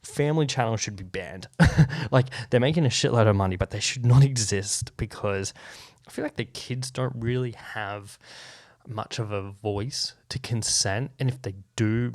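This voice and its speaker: A young man hosts his own podcast in a relaxed, chatty way, swearing often and laughing at his own remarks. His voice sits fairly low for a man. The sound is close and dry on the microphone. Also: no echo. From Australia. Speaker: podcast host. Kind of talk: casual solo podcast chat.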